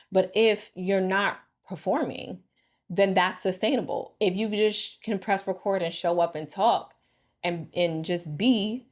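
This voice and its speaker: A woman vlogger and marriage coach talking casually and reflectively to camera, expressive and thinking aloud. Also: medium pitch.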